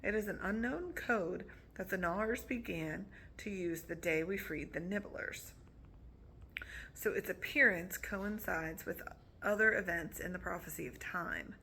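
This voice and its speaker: A gentle young princess from a storybook explains things softly and formally, as a woman reading aloud puts her on. The voice is bright with a light gravelly grain, over a faint hiss. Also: fairly low pitch, a little slow. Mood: earnest.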